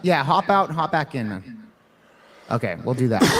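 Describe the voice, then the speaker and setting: Calm man moderating a call. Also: a little high, takes it slowly, a crowd in the background. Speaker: panel moderator.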